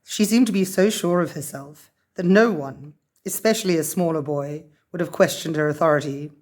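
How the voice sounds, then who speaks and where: A woman reading a children's story aloud in a gentle, even storybook manner. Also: low-pitched, moderate pace.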